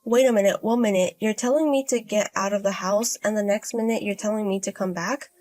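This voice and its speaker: A woman plays an unflappable young gambler in a storybook, delivering her lines briskly in a low-key deadpan that is only lightly acted.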